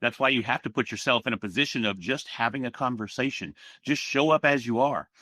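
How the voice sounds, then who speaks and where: A man chatting as a guest on a podcast, telling stories in a relaxed, animated way. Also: mid-range voice, a little fast, dry recording. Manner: relaxed storyteller, animated asides. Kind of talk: casual conversational interview.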